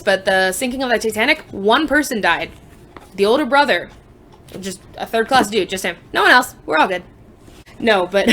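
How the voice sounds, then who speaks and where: A woman's voice: mid-range voice, a bit bright, a little hiss or hum. A young woman chatting casually about books she has read, joking and sarcastic, with frequent asides. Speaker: book vlogger. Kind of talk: casual book review chat.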